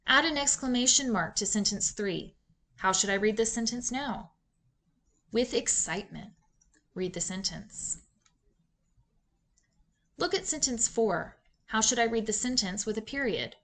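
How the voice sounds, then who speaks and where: Measured woman reading teacher. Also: on the high side, animated, fairly bright tone. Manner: clear, measured teacher delivery with questions to students. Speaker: reading instructor. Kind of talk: scripted instructional narration.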